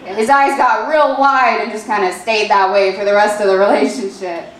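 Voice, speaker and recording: A woman in her late twenties doing stand-up, with a halting, filler-heavy deadpan delivery. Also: medium pitch, noisy background. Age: 20s. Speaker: stand-up comedian. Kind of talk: stand-up comedy set. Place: comedy club stage. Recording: echoey club room.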